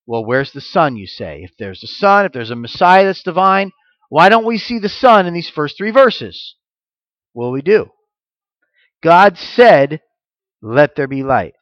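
Man, rabbi's sermon, animated delivery, slow emphasis on key words, dry close sound. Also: mid-range voice, dry recording, muffled recording. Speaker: messianic rabbi. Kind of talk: sermon teaching.

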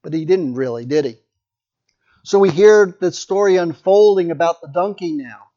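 High-voiced man preaching a sermon. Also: normal speed, dark tone. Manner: storytelling, conversational asides. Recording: muffled lo-fi recording.

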